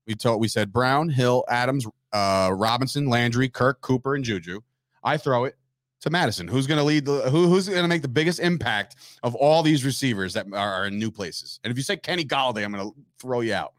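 A man's voice: mid-range voice, animated, no echo, studio quality. Brash joking sports talk host, man. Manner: brash, joking, quick to tease. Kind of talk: casual sports radio chat.

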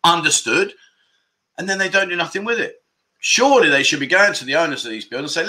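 A man hosting a casual livestream, chatting, joking and reading out viewer comments in a rambling, animated way. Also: high-pitched, brisk, pauses often, low-quality recording. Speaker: livestream host.

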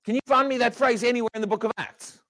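A man preaching a sermon, asking the crowd rhetorical questions and dropping from loud emphasis to hushed words. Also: very high-pitched, steady tone, fast talker.

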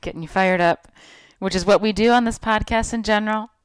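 A woman's voice: mid-range voice, fairly even intonation, fairly quick, smooth, no room sound. A woman hosting a podcast, asking questions in an upbeat, encouraging way. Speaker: podcast host. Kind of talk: casual podcast interview.

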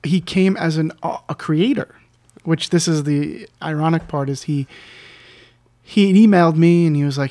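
A man who runs conventions telling a casual anecdote, animated and acting out what people said. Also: on the high side, moderate pace, gravelly, dry recording. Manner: animated, acts out quoted voices. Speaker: convention organizer guest.

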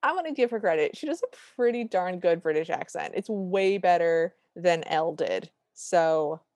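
A fairly low-voiced woman co-hosting a podcast, recorded dry and close. She recaps a movie in animated chat, quoting the characters along the way. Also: moderate pace, dry recording. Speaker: podcast co-host.

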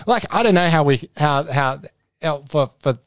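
A man's voice: a little high, expressive, takes it slowly, no echo, studio quality. An Australian man co-hosting a podcast in a rambling, casual chat full of restarts and swearing. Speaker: podcast co-host.

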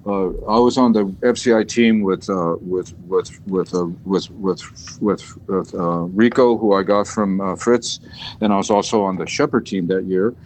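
Brief: male podcast guest, animated storyteller, profane, stumbling repeats. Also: low voice, measured pace, a little hiss or hum, low-quality recording. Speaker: podcast guest, dog sport trainer. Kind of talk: casual storytelling.

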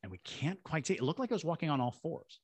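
Lively, animated male storyteller. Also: a little high, fast talker, slightly rough, dry recording. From Savannah, Georgia. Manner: lively storyteller who acts out voices and sound effects. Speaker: guest, paranormal investigator and ghost tour guide. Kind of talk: animated storytelling in a podcast interview.

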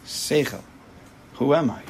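A man teaching a Torah class as a rabbi, speaking emphatically and acting out inner voices in quick quoted asides. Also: medium pitch, slight background noise, low-quality recording.

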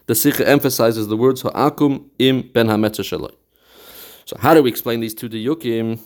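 A man's voice: mid-range voice, a little fast, darkish tone. Man giving a Talmud study lecture. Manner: explains step by step, quoting texts in a study chant; mixes English with Yiddish and Hebrew terms. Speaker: Torah teacher.

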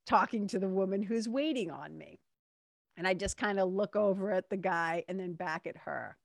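A woman recounts a personal story in an earnest, reflective monologue, stepping into the voices of the people she quotes. Her pitch sits in the middle for a woman. The sound is dry and close, with no room around it. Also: normal speed, gravelly, no echo.

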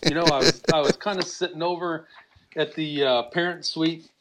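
A man's voice: fairly high pitch, moderate pace, slight background noise. A man co-hosting a podcast, telling stories in casual chat. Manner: storytelling, animated when retelling yelling. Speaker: podcast co-host.

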